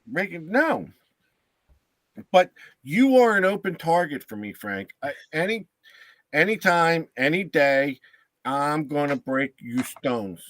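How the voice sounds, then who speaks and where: A man co-hosts a live talk show in casual, rambling banter, teasing the others. His voice sits a little high and sounds close and dry, with no room around it. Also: big pitch swings, takes it slowly, a bit bright, no room sound. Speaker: co-host.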